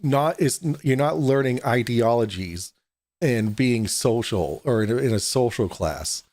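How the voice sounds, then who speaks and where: A man's voice: medium pitch, expressive, unhurried, a little mellow, dry recording. A man co-hosting a debate podcast, blunt and mocking, swearing often as he reads chat and jeers. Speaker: podcast co-host. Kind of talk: profane casual debate chat.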